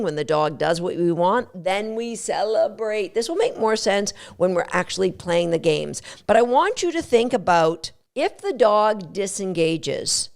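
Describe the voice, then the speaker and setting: A woman dog trainer hosting an instructional podcast, emphatic and lively, acting out little quotes as she explains. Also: medium pitch, gravelly. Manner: animated, emphatic, acts out quotes.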